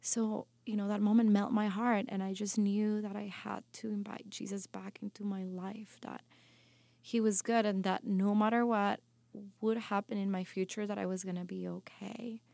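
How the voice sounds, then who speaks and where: A woman's voice: mid-range voice, flat delivery, normal speed, gravelly, dark tone, dry recording. A woman guest on a podcast, telling a personal testimony earnestly and emotionally, often restarting her sentences. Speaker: podcast guest, life coach.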